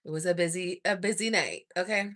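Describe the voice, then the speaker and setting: A woman's voice: lowish voice, a little fast. A young woman vlogging at home at night, chatting casually in a gossipy way, swearing, sighing and laughing often. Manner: gossipy, animated, swears, laughs and sighs a lot. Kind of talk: casual chat to camera.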